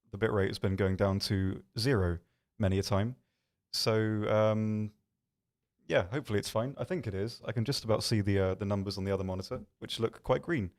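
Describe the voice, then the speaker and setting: Guy on a game stream in an office, lowish voice, rambly and jokey about himself, lots of ums. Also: darkish tone. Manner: rambling, self-deprecating, lots of ums and restarts. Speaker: stream host. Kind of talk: casual livestream chat reading viewer questions.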